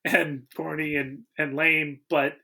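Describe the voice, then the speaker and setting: A man co-hosting a casual movie review chat, recapping the plot in an animated way and laughing often. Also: fairly high pitch, slow pace, creaky. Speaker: podcast co-host.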